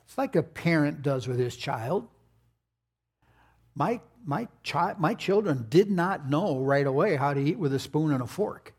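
Lively grandfatherly preacher, slightly high voice. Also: measured pace, breathy edge. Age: older. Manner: animated, folksy storytelling with playful asides. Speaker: pastor. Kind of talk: sermon.

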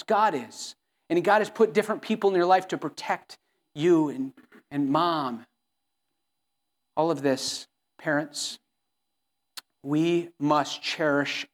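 A middle-aged man preaching a sermon as pastor, earnest and pleading, often restarting his sentences. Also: a little high.

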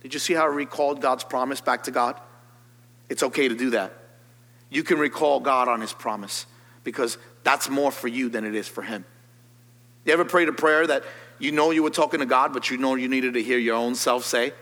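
A man, a pastor, preaching a sermon, reading scripture and rising to loud, high, fervent calls. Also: a little fast. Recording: long hall reverb.

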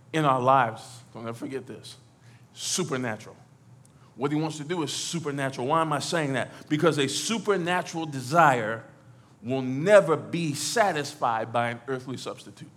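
A man preaching a lively sermon in church, swinging from near shouts to low, quiet lines, with stammered repeats and playful asides. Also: normal speed, breathy edge. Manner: animated, rises to shouts and drops low.

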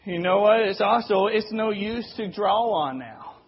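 A man's voice: sits high, animated, measured pace, a little hiss or hum. A man preaching a sermon in an earnest, repetitive way, leaning on rhetorical questions. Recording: dull lo-fi recording.

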